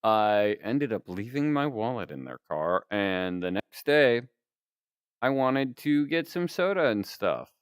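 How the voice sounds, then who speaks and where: Young male streamer, clear voice, dry close sound, casual laughing chatter. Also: lowish voice, big pitch swings, measured pace, no echo. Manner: rambling storytelling, laughs often. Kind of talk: casual chat.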